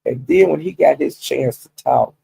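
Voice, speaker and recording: A man's voice: mid-range voice, normal speed, vocal fry, slightly rough, dry recording, rough recording. A man retelling a story in a casual, profane gossip style, often stopping to check in with his listeners. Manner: profane, animated, talks directly to listeners. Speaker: storyteller recapping a livestream.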